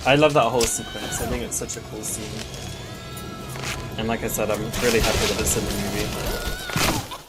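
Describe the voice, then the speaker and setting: A chatty woman talks viewers through her game, her voice bouncing up and down as she goes. She giggles often and reacts freely. Loud game music plays under her voice the whole time. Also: a bass voice, wildly swooping pitch, normal speed, long pauses, rough recording. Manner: chatty and giggly, with frequent laughs. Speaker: gaming streamer. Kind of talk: casual game commentary while chatting with viewers. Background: game soundtrack music.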